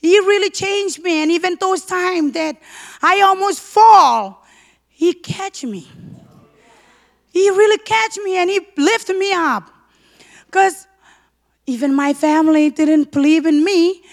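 A woman preaching a fervent sermon testimony, leaning on repeated emphasis and sometimes breaking into shouted praise. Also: very high-pitched, slow pace, vocal fry, long pauses. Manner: leans on repeated emphasis words.

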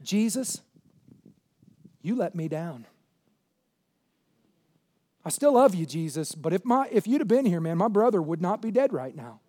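A woman's voice: on the low side, sing-song, unhurried, pauses often, warm tone, slightly rough, heavily acted. A man voicing a hurt, sulking biblical woman. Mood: reproachful.

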